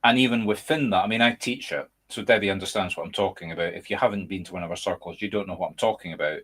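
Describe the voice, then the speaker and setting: A man's voice: sits low, fast talker, a bit bright, husky. A Scottish man hosting a casual chat over a video call, speaking emphatically and candidly. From Scotland. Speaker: medium and podcast host.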